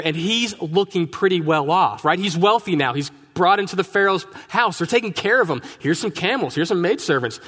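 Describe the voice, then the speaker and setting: A man's voice: high-pitched, animated, fairly quick, few pauses, fairly bright tone. A male pastor preaching a humorous, conversational sermon with frequent rhetorical asides in a church sanctuary. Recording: long reverb of a church hall.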